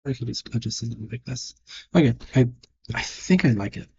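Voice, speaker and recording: A man's voice: medium pitch, fairly quick, darkish tone, lo-fi sound, a little hiss or hum. A man thinking aloud and judging his own work as he draws, in casual narration. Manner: muttered, self-critical thinking aloud. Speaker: digital artist. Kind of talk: casual narration while drawing.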